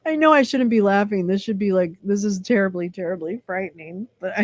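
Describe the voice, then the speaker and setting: A woman's voice: medium pitch, a little fast, hardly any pauses, no echo. A woman vlogger reading a website aloud and mocking it with sarcastic, profane commentary. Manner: mocking, sarcastic, laughs between lines, profane asides.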